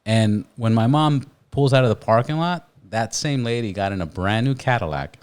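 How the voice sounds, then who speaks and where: A man's voice: mid-range voice, smooth. A man in casual podcast chat, telling stories animatedly, swearing a lot and restarting often. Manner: animated storytelling, heavy swearing, quick restarts. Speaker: guest, rapper.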